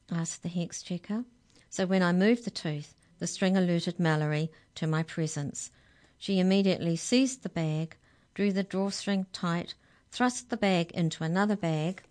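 A woman reading a children's story for radio, calm and measured. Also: on the low side.

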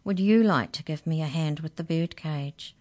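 A woman's voice: deep voice, normal speed, dark tone, natural voice. A woman reading a children's story, voicing a weary, polite young boy who asks questions and pleads for help. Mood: plaintive. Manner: plaintive, polite.

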